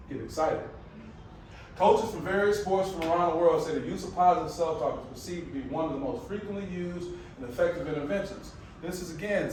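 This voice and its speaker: A man giving an energetic, casual motivational presentation, calling out to the crowd in a preacher-like way. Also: sits high, recorded from a distance, a little hiss or hum. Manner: energetic, preacher-like call and response; casual, colloquial phrasing. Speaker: motivational speaker. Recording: very echoey room, picked up from afar.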